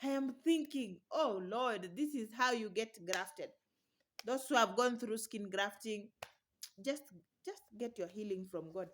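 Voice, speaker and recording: A woman's voice: a little high, lively intonation, unhurried, slight background noise. A young woman talking casually to camera in her vlog, chatty and encouraging, laughing often. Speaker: vlogger.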